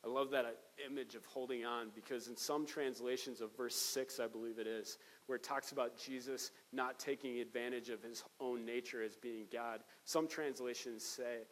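A man's voice: mid-range voice, steady tone, moderate pace, hardly any pauses, big-room sound, poor audio. A male pastor giving an earnest, conversational sermon with rising emphatic peaks, recorded in a church sanctuary.

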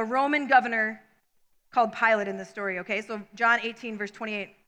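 Bright high-voiced woman preaching in a hall. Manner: reads scripture then comments conversationally. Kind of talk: sermon with scripture reading.

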